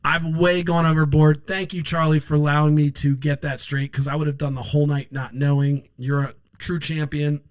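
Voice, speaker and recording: A man's voice: fairly high pitch, level tone, moderate pace, few pauses, dry recording, rough recording. A man giving impassioned political commentary, blunt and emphatic, swearing freely.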